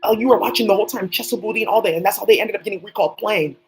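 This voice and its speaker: A woman's voice: medium pitch, a little hiss or hum, rough recording. A woman hosting her own channel, speaking in a rambling, profane, off-the-cuff monologue and addressing people who are not there. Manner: rapid, profane, talks to unseen people. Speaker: channel host.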